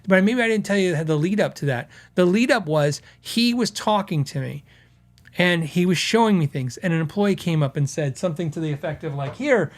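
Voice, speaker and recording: A podcast host reads out viewer comments in casual chat, rambling, restarting, and acting out quotes. His male voice is a little high and brisk.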